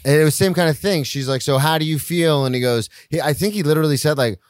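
A man co-hosting a sports podcast in casual chat, relaxed, with dry, wry asides. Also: a little high, fast, no echo. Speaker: podcast co-host. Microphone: podcast microphone.

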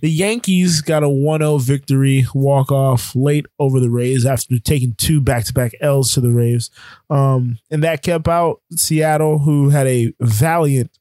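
A man hosting a casual sports podcast, chatting about the playoffs with quick asides and frequent ums. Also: mid-range voice, steady tone, warm tone, no echo.

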